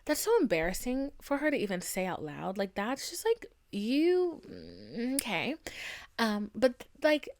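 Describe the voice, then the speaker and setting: A woman's voice: medium pitch, huge pitch swings, unhurried, darkish tone. A young woman hosting a podcast, ranting casually in a blunt, profane way with lots of "like" fillers. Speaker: podcast host. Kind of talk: casual solo podcast rant.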